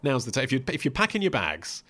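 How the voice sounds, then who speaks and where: A man's voice: medium pitch, wildly swooping pitch, quick pace, a bit bright. A man co-hosting a podcast in casual chat, talking chattily and laughing and swearing easily. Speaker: podcast co-host.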